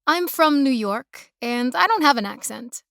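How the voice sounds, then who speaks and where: A woman's voice: high-pitched, animated, a little slow, creaky, fairly bright tone, no room sound, studio quality, heavily acted. A woman voicing a stranded city woman who talks in a guarded, stiff, precise way. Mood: wary.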